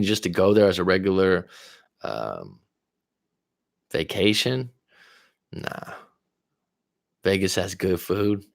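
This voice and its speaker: A man's voice: low-pitched, vocal fry, dry recording, studio quality. Profane, chatty male livestream coach. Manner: loose, profane, chatty, reacting to comments. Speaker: life coach hosting a livestream. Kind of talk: casual livestream chat reading viewer comments.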